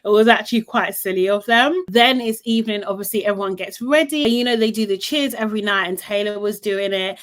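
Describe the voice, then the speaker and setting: A chatty woman talks through a recap in a casual, opinionated way, laughing often and calling things out as she goes. Her voice sits at a medium pitch for a woman. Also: brisk, hardly any pauses. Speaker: recap vlogger.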